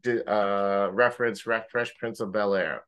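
A man co-hosting a podcast, telling a story in casual chat, animated, swearing freely and mimicking friends in high joking voices. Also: measured pace, clean tone. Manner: swears casually, uses gamer slang. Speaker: podcast co-host.

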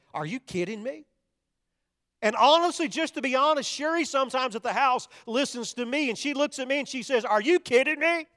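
A man's voice: high voice, pushed and bright. An older man preaching a sermon, telling a story with drama and acting out the voices in it. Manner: dramatic storytelling, acts out quoted voices, repeats words. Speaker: pastor. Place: church sanctuary. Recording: long reverb of a large hall.

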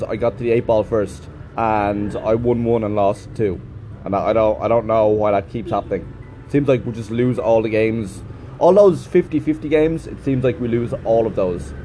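A man's voice: mid-range voice, warm tone, a little hiss or hum. A man who teaches English, talking in a chatty, rambling vlog monologue and swearing freely.

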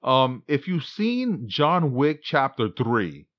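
A man's voice: mid-range voice, sing-song, slow, no room sound, highs cut off. A man co-hosting a casual podcast chat, rambling through film news and laughing at his own slips. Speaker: podcast co-host.

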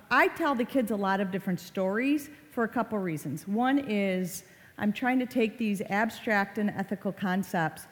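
Woman speaker giving an online-safety talk in a hall. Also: mid-range voice. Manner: conversational, acts out short quoted lines. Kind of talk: talk to parents. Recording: reverberant hall.

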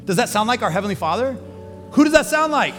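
High, fast-talking preaching man in a hall. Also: big pitch swings, a bit bright. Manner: earnest, conversational preaching with rising emphasis. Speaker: pastor. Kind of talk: sermon. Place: large church hall. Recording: long church hall reverb with music behind.

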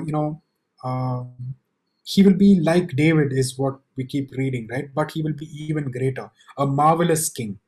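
A man preaching a sermon, reading scripture aloud slowly and emphatically, then explaining it in a conversational way with frequent asides. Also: medium pitch, a little mellow, poor audio. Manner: slows and lifts his voice to read scripture aloud.

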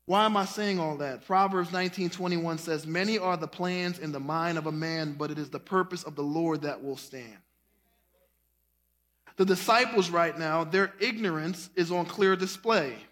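A man's voice: fairly high pitch, normal speed. A man preaching a sermon, casual and folksy, addressing the congregation as y'all and breaking into song. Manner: animated preaching, breaks into singing and shouting. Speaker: pastor.

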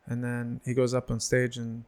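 A man's voice: medium pitch, moderate pace. A man in his thirties, a stand-up comedian, telling stories in casual chat and acting out the voices of people he quotes. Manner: animated, acts out quoted voices.

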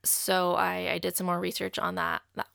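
Young adult woman, gravelly fry, close dry sound, chatty storyteller. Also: on the low side, monotone, moderate pace, a bit bright, no room sound. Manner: chatty, fills talk with "like". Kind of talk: casual personal story.

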